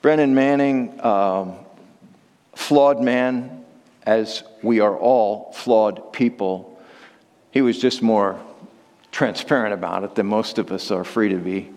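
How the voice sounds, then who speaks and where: A man's voice: takes it slowly, a little mellow, big-room sound. A man, a pastor, preaching a sermon and reading long quotations aloud. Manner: reads long quotations aloud, rising high for voiced prayers.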